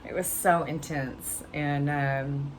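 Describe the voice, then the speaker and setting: Woman, middle-aged, low voice, chatty storytelling, laughs between lines, faint hiss behind. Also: steady tone, slow, low-quality recording. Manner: chatty, laughs often, tags lines with "right?". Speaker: vlogger. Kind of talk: personal storytelling.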